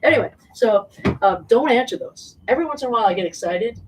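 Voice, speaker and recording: A woman's voice: on the high side, expressive, quick pace. A woman casually telling a rambling, laugh-filled story to a small live audience, full of fillers and swearing. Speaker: singer talking to an audience. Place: indoor venue with small audience. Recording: distant mic with faint noise.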